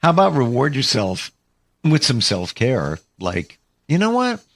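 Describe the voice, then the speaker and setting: A man co-hosting a casual self-care chat, relaxed and reflective, acting out little examples. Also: mid-range voice, measured pace.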